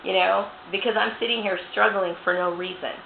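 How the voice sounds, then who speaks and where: Indignant swearing woman, gravelly edge, tinny phone-like sound, echoey room. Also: mid-range voice, fairly even intonation, fairly quick, slight background noise. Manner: indignant, profane, repeats "you know". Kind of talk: angry personal rant to camera.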